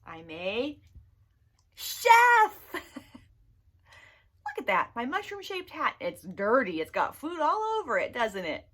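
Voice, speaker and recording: A woman's voice: sits high, huge pitch swings, takes it slowly, long pauses, fairly bright tone. A woman leading a children's story time at a library, reading aloud playfully and laughing often. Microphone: camera mic in a library room.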